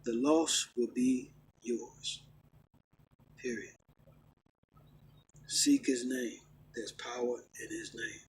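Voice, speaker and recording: A middle-aged man ranting and preaching casually, emphatic and repetitive, swinging from loud outbursts to low, stern talk. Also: slow, pauses often, poor audio. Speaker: vlogger preaching his faith. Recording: faint background noise.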